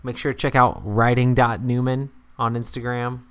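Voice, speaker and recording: Male podcast co-host, relaxed and easygoing, mid-range voice. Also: mid-range voice, moderate pace, clear, resonant tone. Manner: laid-back, chiming in with short asides and laughs. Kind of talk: casual podcast chat.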